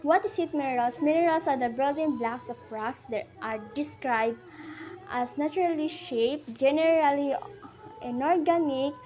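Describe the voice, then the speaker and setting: A woman teacher reads a science lesson and story aloud in a careful, measured way. Her voice sits fairly high. Soft music plays faintly in the background.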